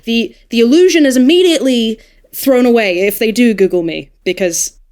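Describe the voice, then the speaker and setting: Animated Australian woman, slightly high voice. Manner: animated, quick asides and self-corrections. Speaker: audiobook narrator and dialect coach guest. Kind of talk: casual podcast chat.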